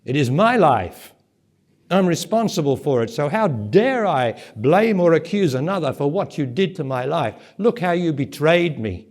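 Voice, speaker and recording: A man giving a spiritual talk to a live audience at a conference centre, speaking emphatically, asking rhetorical questions and building to forceful peaks. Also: fairly high pitch, sing-song, normal speed. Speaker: spiritual teacher.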